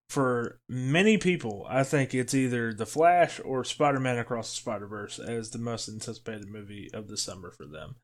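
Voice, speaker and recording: A man co-hosting a casual movie podcast, blunt and opinionated. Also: medium pitch. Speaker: podcast co-host. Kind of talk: casual chat.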